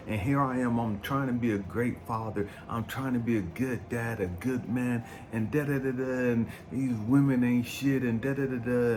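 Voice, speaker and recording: A man in his fifties, a life coach giving a blunt, profane motivational talk. He swings from low brooding to loud, fired-up preaching. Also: noisy background. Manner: blunt and profane, keeps asking "you know what I mean". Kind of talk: impassioned motivational monologue.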